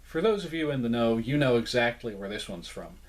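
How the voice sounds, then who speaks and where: A relaxed young man talks through his toy shelf in an unhurried, chatty way. His voice sits at an ordinary middle pitch, and he drifts into fillers and little self-deprecating jokes as he goes. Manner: relaxed and rambling, with frequent "like" and self-deprecating asides. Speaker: toy collector channel host. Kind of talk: casual toy showcase narration.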